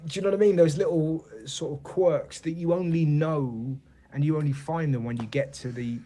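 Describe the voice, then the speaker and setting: Animated English man telling stories. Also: a little high, moderate pace. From England. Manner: animated storyteller, repeats "do you know what I mean". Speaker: comedian guest. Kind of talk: casual interview chat.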